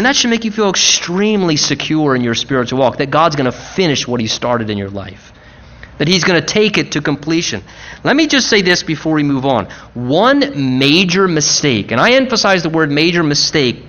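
A man preaching a sermon, with emphatic repetition, slowing down for stress and rushing through quick asides. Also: high-pitched, bright, forceful tone, muffled recording. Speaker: pastor.

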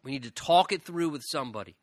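A man preaching a sermon in an earnest way, acting out pleading questions and leaning hard on drawn-out words. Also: fairly high pitch, animated, dry recording, clean studio sound. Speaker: pastor.

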